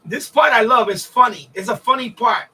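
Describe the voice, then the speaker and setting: A man's voice: very high voice, normal speed, pushed and bright, husky, far from the mic, poor audio. A man hosting a casual livestream, telling a story in a rambling, profane way with many repeats and restarts. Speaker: livestream host.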